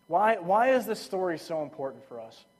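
A man's voice: high-pitched, sing-song, moderate pace. A young man preaching a sermon, telling stories in a casual, enthusiastic way with lots of fillers. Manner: casual, enthusiastic storytelling with frequent "like".

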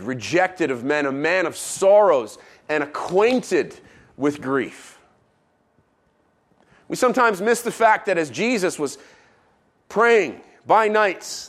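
A man preaching a sermon as pastor, who drops low and quiet for emphasis and adds playful asides.

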